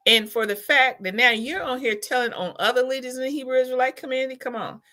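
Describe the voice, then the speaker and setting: A woman's voice: sits high, quick pace, few pauses, bright, forceful tone. A woman host reacting to a video in casual commentary, incredulous and scolding.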